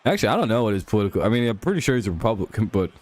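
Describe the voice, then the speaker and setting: Hosting a live stream over a football game, a man with a fairly low, darkish voice banters with his chat in a rapid-fire, very animated way. He jokes with profanity and laughs often.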